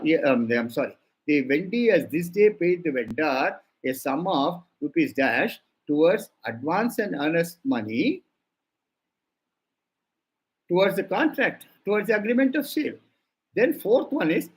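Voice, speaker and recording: Older indian guy giving a law lecture, husky voice, kinda high, keeps repeating the key words. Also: low-quality recording. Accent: Indian English. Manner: emphatic, repeats key words for students to note. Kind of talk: classroom lecture dictating a legal draft.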